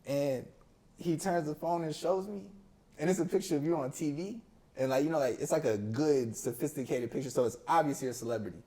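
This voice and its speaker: A man's voice: a little high, a little fast. Young man telling a story with slang. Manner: animated storytelling with slang, acting out quoted people. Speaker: podcast guest. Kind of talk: casual chat.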